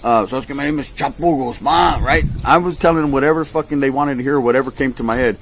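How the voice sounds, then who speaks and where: A man from California recounts a story from his past in casual slang, swearing a lot and animatedly acting out other people's voices. His voice is medium-pitched and racing, with slight background noise.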